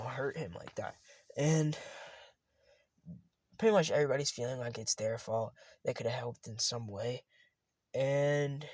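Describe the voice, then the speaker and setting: A man's voice: medium pitch, darkish tone, no echo. A man casually retelling a fan story, rambling and often correcting himself.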